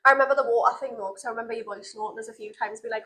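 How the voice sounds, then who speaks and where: High-voiced woman. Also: racing. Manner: animated storytelling, acting out voices with laughter. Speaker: podcast co-host, salon owner. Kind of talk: casual chat.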